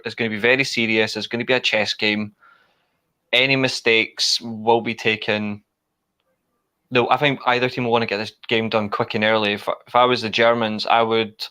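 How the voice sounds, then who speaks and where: A man's voice: on the low side, sharp tone. A man, co-hosting a football watchalong and talking casually, rambling through his opinionated analysis with restarts. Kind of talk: casual live-stream chat.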